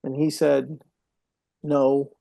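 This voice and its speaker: Middle-aged male podcast guest; earnest, heartfelt storyteller with a warm, mellow tone, dry recording. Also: medium pitch, level tone, very slow, gravelly, dry recording. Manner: earnest, emotional storyteller, drops to a hushed voice at moments. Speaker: podcast guest, mental health speaker. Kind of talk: personal storytelling in an interview.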